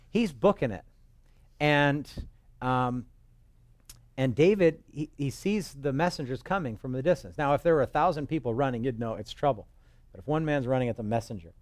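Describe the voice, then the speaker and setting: A man's voice: mid-range voice, a little mellow, dry recording. A man preaching a sermon as pastor, telling stories in a loose conversational way with joking asides. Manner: acts out quoted voices. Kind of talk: expository sermon.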